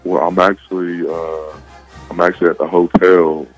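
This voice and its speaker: Young man, very deep flat voice, soft-spoken, phone call, tinny dry line. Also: normal speed, soft background music. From Fort Smith, Arkansas. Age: young adult. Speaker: college basketball player guest. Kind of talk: phone interview on radio. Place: hotel room.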